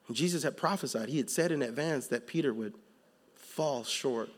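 A man's voice: a little high, a little fast. Emphatic man preaching a sermon. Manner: builds from calm to loud, emphatic preaching; casual slang asides in storytelling. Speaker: pastor.

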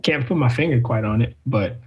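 A man's voice: medium pitch, fairly quick, husky, muffled recording. A man co-hosting a podcast, chatting casually with frequent stammered restarts. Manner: stammering restarts, laid-back. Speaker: podcast co-host.

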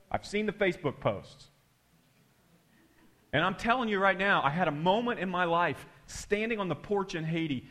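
A man preaching a sermon through an animated, emphatic personal story. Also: high voice. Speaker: pastor.

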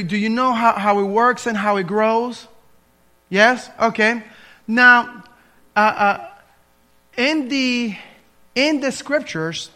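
High, bright-voiced man preaching a sermon. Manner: earnest preaching with frequent restarts and fillers. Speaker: pastor. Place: church sanctuary.

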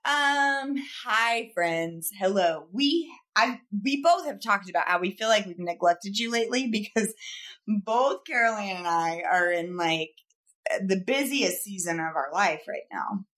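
A mid-pitched woman co-hosts a chatty podcast and tells stories about her own busy life. She tells them in an animated, self-mocking way and often laughs partway through. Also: measured pace. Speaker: podcast co-host, photographer. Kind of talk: casual storytelling chat.

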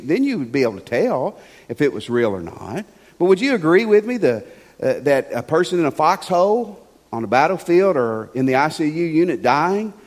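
A man's voice: on the high side, darkish tone, in a large hall. A man preaching a sermon as a pastor, emphatic and conversational, with frequent rhetorical questions. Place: church sanctuary.

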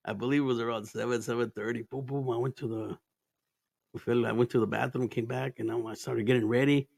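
A man's voice: mid-range voice, steady tone, fast, vocal fry, darkish tone, dry recording, clean studio sound. A man telling stories in casual chat as a podcast host, laid-back and profane, laughing often and mixing Spanish into his English.

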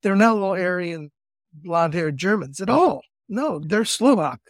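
An older man co-hosting a podcast, chatting casually and telling family stories with quick asides. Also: high-pitched, expressive, no room sound, clean studio sound. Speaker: podcast co-host. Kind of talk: casual family-history chat.

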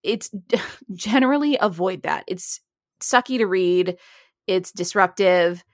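A woman's voice: fairly low pitch, slow pace, no room sound, clean studio sound. A woman co-hosting a casual writing podcast, giving firm opinions and laughing often. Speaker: podcast co-host. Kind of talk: casual chat.

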